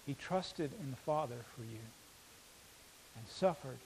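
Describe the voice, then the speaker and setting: A man preaching a sermon, reading scripture aloud slowly and swinging between loud emphasis and quiet intensity. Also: medium pitch, lively intonation, a little hiss or hum, rough recording. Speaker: pastor.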